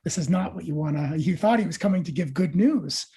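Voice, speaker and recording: A man, a meditation teacher, telling a spiritual parable as a podcast guest, with lively asides to his listeners. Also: fairly high pitch, fairly quick, gravelly, slightly rough.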